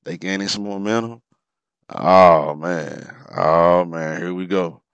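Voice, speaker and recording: Excitable man with a smooth low voice. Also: slow, dry recording. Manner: animated, exclaims and laughs over plays. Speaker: sports commentator. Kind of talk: casual replay commentary.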